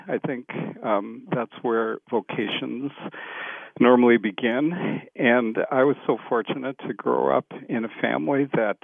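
A man in his sixties, a priest, telling stories in a relaxed way with frequent ums and restarts, as a guest on a radio interview. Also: mid-range voice, gravelly, no echo. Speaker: priest, seminary formation director. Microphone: phone. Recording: tinny phone line.

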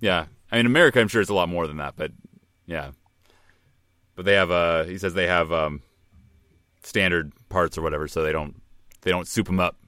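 A man's voice: sits low, a little fast, long pauses, clear, resonant tone, dry recording, studio quality. A man co-hosting a podcast in casual chat, rambling and laughing as he goes. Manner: rambling, animated, laughs often. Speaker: podcast co-host.

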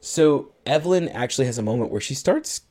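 A man's voice: mid-range voice, animated, brisk, mellow. A man co-hosting a podcast, retelling a film's plot at length and acting out bits of its dialogue in casual chat. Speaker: podcast co-host. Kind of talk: casual movie recap chat.

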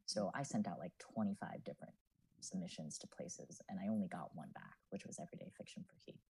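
A man's voice: low voice, fast, vocal fry, noisy background. A man in his twenties, a student writer and podcast guest, talking in an earnest, reflective way with many fillers. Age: 20s. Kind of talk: casual podcast chat.

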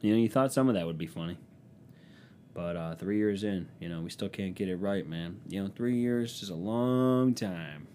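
A man with a fairly low voice holds forth alone on his podcast mic. He rambles from one story to the next, swearing freely and poking fun at himself. A faint low rumble sits under the recording. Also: darkish tone. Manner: casual, profane, self-mocking storytelling. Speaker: podcast host. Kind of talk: rambling comic monologue. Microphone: podcast microphone.

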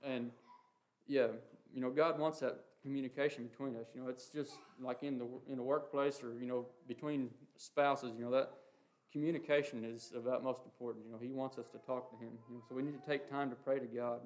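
A man preaching an informal sermon in a flat, even voice at a middling pitch. He talks haltingly, leaning on fillers, earnest throughout. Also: slight background noise. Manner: halting, heavy with "you know" and "um" fillers; earnest, reads scripture quotes aloud. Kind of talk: informal sermon on the Lord's Prayer.

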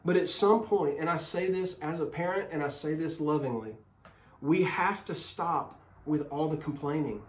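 A man preaching a sermon as a pastor, speaking earnestly and directly to his listeners through a phone camera. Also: on the high side. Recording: roomy echo.

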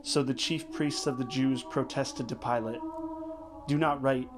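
Male prayer leader, mid-pitched, slow solemn scripture reading, choral music clearly underneath. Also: steady tone. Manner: measured, solemn reading in short phrases. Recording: voice over clear background music. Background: sacred choral music.

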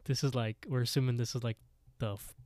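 A man's voice: mid-range voice, steady tone, fast, crowd noise. A man co-hosting a podcast, retelling a scary story in casual chat with lots of fillers. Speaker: podcast co-host.

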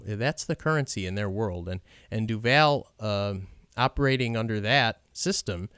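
Guy rambling thru a movie commentary, lots of ums and restarts, lowish smooth voice, dry close sound. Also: a bit bright, no echo. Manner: halting, many ums and restarts, admiring. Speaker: film commentary host. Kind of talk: unscripted film commentary.

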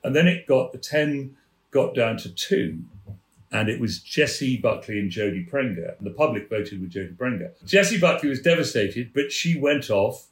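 A man from England, a former theatre manager, telling lively backstage anecdotes as a podcast guest and acting out the voices in his stories. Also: medium pitch, moderate pace. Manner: lively raconteur, acts out quoted voices. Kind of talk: anecdotal storytelling. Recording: roomy echo.

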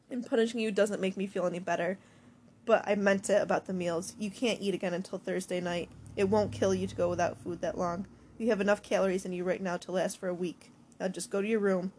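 A woman's voice: medium pitch, a little mellow, a little hiss or hum, natural voice. A woman voicing a stern mother who rations food, giving clipped commands and weary lectures in an audiobook. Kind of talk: audiobook character voice.

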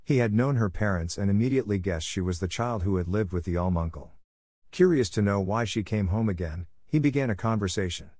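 A man narrating an audiobook in a steady, measured reading. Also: lowish voice, dry recording, clean studio sound.

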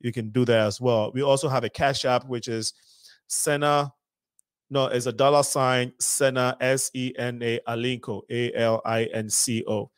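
A man from Ghana hosts a community talk show. He talks in a halting way, restarting phrases and laughing at himself. His voice sits at an ordinary middle pitch. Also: level tone, smooth, dry recording, low-quality recording.

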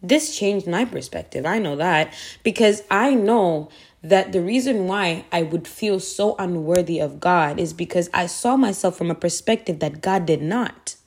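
Woman, devotional podcast host, earnest, repeats lines for emphasis, a little low-pitched. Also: a little mellow.

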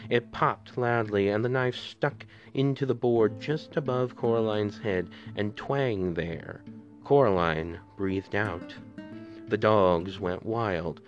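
A man reading a storybook aloud as a podcast narrator, in a measured, steady way. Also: lowish voice. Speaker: podcast reader. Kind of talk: audiobook narration. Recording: dull lo-fi with faint music.

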